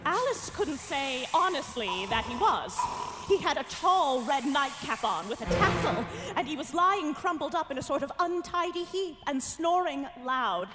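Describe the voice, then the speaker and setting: A woman reading a storybook aloud, expressive and animated, over music in a long reverb. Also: high voice, unhurried. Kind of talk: storybook narration.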